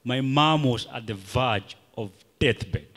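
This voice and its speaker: A young man preaching a sermon in short, emphatic phrases, pausing for an interpreter. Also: mid-range voice, a bit bright. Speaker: youth preacher. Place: church hall. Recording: long hall reverb.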